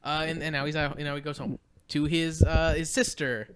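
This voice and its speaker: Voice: mid-range voice, steady tone, normal speed, slight background noise. A podcast co-host casually recapping a movie in a rambling way, with plenty of "uh" and "like" and frequent laughter. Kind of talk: casual chat recapping a film.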